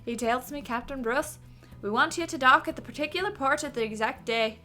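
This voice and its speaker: A woman's voice: on the high side, normal speed, pushed and bright, faint music behind. A woman voicing an older male sea captain with a put-on accent, telling a story and stumbling over long words. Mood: reminiscing.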